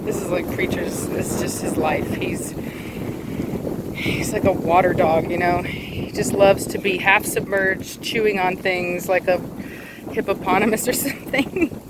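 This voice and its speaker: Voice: medium pitch, fairly even intonation, measured pace, heavy background noise. A dog breeder and trainer explaining puppy training in a casual outdoor vlog, chatty and instructive, with frequent fillers and restarts. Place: outdoors beside water.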